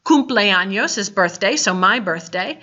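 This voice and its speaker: A woman teaching a Spanish lesson, explaining slowly and deliberately with playful asides. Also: mid-range voice, animated, bright, forceful tone. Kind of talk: recorded classroom lesson. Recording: dull lo-fi recording.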